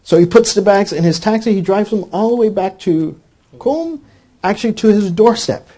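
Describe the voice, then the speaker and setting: Male lecturer, high warm voice, animated storyteller, keeps saying "he says". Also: normal speed. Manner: animated storyteller acting out quoted dialogue; repeats "he says" constantly. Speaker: speaker.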